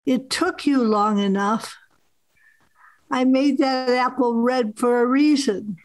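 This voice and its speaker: A woman's voice: fairly high pitch, takes it slowly, no room sound, poor audio. A woman doing a delighted benevolent God.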